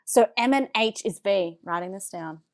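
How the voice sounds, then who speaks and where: A woman with an Australian accent co-hosting a podcast in casual chat, bubbly and quick to laugh. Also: mid-range voice, lively intonation, a little mellow. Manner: laughs often, bubbly and exclamatory. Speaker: podcast co-host.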